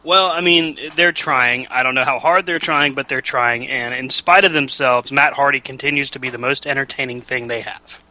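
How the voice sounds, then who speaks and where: A man co-hosting a casual wrestling talk show, joking and mimicking people in quick asides. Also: medium pitch, fairly even intonation, bright, forceful tone, rough recording. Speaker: podcast co-host.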